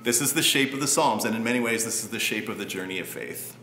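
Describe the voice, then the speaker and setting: A man preaching a sermon in a relaxed, conversational way with light humor. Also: mid-range voice, fast, reverberant, a little hiss or hum. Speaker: pastor.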